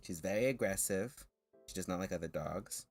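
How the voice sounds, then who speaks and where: A man's voice: deep voice, moderate pace, soft background music. A man streaming and chatting casually with viewers, rambling with frequent laughs, false starts and restarts, a little nervous. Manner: self-consciously nervous.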